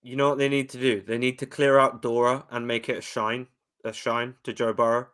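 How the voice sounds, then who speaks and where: A man's voice: mid-range voice, little pitch movement, brisk, a bit bright, clear, resonant tone. A man with a Boston accent, a guest on a sports show, talking in a brash, heated, profane way. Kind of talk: casual sports chat.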